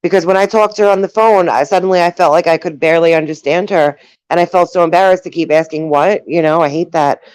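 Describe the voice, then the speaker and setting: A woman's voice: lowish voice, steady tone, quick pace, darkish tone, low-quality recording. A woman with a New York accent hosting a casual chat, talking loosely with lots of fillers and frequent laughs. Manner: chatty, laughs often, trails off with fillers. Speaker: host.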